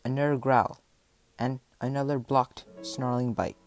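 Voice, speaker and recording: A man reading a first-person adventure story aloud, with dramatic delivery and voiced shouts and animal sounds. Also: fairly low pitch, a little slow, vocal fry, no room sound, soft background music. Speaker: audiobook narrator.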